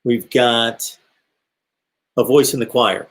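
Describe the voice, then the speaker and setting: A man's voice: medium pitch, normal speed. Chatty middle-aged man hosting a live call-in. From American Midwest. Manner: chatty, rambling, reads chat comments aloud. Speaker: call-in show host. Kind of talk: casual live-stream talk.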